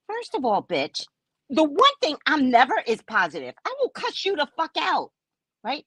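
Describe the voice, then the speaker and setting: A woman's voice: high voice, wildly swooping pitch, normal speed, fairly bright tone, slightly rough, dry recording. A woman psychic reader telling a story on a casual live stream, brash, profane and mocking.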